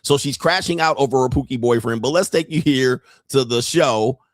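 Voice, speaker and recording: A man hosting a dating talk show, commenting casually on a viral clip with crude jokes, laughing and getting excited. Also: mid-range voice, moderate pace, dry recording, studio quality. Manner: crude joking, laughs at his own lines; excitable, rising into shouts.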